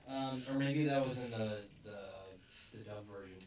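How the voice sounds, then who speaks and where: A man hosting a casual review chat, retelling the story in an animated way and laughing often. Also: mid-range voice, normal speed. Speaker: podcast host. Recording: echoey room, distant mic, faint noise.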